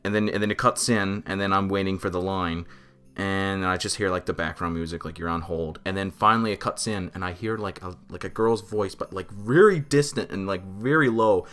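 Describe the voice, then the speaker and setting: A young man co-hosting a podcast, telling a story in animated, swear-heavy casual chat. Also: deep voice, fairly quick, soft background music. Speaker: podcast co-host.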